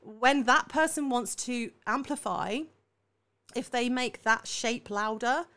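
A woman's voice: fairly high pitch, takes it slowly, a bit bright. A woman from southern England working as a voice coach, explaining vocal technique in an enthusiastic, affectionate interview manner. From Salisbury, southern England. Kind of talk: conversational interview.

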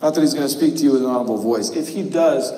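A pastor preaching a sermon in a church sanctuary, conversational and joking. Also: male voice, mid-range voice, fast, warm tone, recorded from a distance. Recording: cavernous echo from a live stream, voice from afar.

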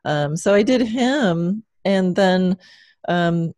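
A woman's voice: lowish voice, expressive, takes it slowly, darkish tone, dry recording. A woman from Long Island with a mild Long Island accent, a dressage trainer telling stories as a guest in a casual interview, laughing often. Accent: mild Long Island New York. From Long Island, New York. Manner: chatty storyteller, laughs often.

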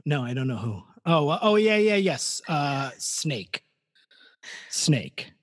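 Husky guy cohosting a chatty podcast on a video call, kinda high-pitched, joking around. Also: slow pace. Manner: animated, joking, reads out comments. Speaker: podcast co-host. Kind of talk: casual chat.

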